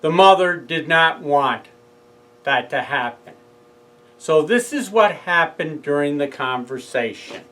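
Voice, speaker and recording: A middle-aged New Yorker recounts his legal case in a casual monologue, acting out both sides of a heated phone argument. His high-leaning voice is sharp in tone with lively intonation and a slow pace, on a low-quality recording.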